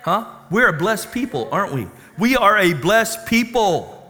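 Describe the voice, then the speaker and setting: A man preaching a sermon as a pastor, animated and questioning the congregation. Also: high-pitched, measured pace. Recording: reverberant hall.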